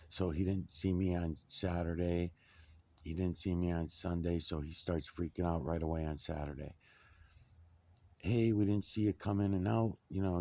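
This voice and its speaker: A middle-aged man casually telling a personal story, swearing a lot and getting animated. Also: sits low, breathy edge. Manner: profane, animated, indignant.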